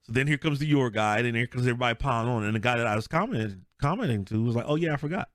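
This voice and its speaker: Animated man telling sports stories. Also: mid-range voice, rapid-fire, no room sound, studio quality. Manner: animated storyteller, laughs often, acts out quotes. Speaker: podcast co-host. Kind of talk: casual sports chat.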